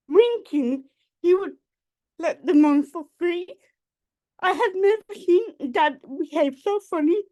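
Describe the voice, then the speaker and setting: A woman from the Black Country in England, reading her own poems in a measured, deliberate way over a video call. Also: extremely high pitch, expressive, mellow. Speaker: poet. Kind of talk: poetry reading.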